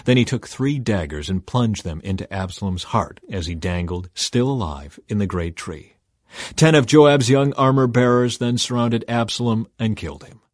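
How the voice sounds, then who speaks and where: A man narrating a Bible passage in a measured, solemn reading style. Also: fairly low pitch, no room sound, studio quality. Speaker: Bible reader. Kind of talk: scripted narration.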